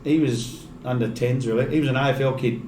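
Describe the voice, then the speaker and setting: An Australian rugby league commentator tells stories in a casual podcast chat, laughing often mid-story. His medium-pitched, darkish voice is steady in tone and a little fast, recorded in an echoey room with faint noise.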